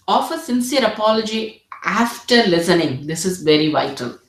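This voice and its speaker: A woman teaching in an earnest, steady way, restarting and repeating words as she works through her points. Her voice sits in a middling range and carries a noticeable roomy echo. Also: medium pitch, measured pace. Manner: earnest, repeats words, models empathetic phrases. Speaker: medical exam tutor. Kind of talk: teaching presentation.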